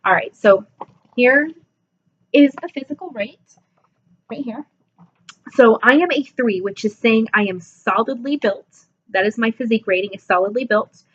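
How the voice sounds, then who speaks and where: A woman's voice: a little high, normal speed, dull audio. A woman in her twenties talking casually to camera about her fitness numbers, chatty and self-deprecating, yawning and a bit sleepy. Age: 20s. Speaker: vlogger. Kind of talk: casual self-assessment vlog.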